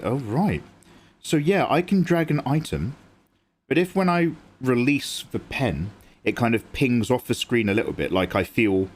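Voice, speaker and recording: A young man, chatting casually with viewers and explaining his drawing as he works on a livestream. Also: on the low side. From England. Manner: chatty, reads and answers chat, explains as he works. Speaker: livestream artist.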